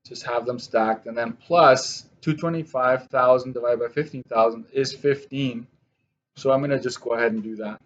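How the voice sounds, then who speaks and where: With the highs cut off, a man's mid-range voice comes through at a moderate pace as he teaches math. He narrates his written work to students one step at a time, making self-corrections as he goes.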